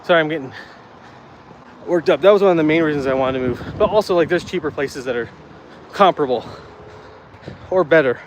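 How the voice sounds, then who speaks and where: A man's voice: on the high side, brisk, long pauses. Chatty man walking and talking outdoors. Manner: chatty, rambling, easily worked up. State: slightly out of breath from walking uphill. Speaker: vlogger chatting with live viewers. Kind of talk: casual live walk-and-talk. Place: outdoors on city streets. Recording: faint street noise outdoors.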